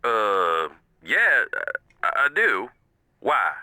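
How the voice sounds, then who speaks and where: An actor playing a loud, crude and boastful man who argues and makes threats on a phone call in a game. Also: on the low side, huge pitch swings, very slow, no echo, exaggerated voice. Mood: brash.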